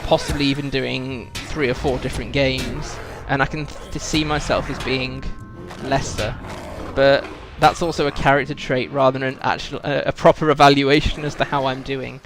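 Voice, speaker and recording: A man's voice: medium pitch, little pitch movement, normal speed, hardly any pauses, music in the background. A British man streaming a video game, chatting reflectively with viewers, full of ums and restarts. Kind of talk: casual live-stream chat while playing.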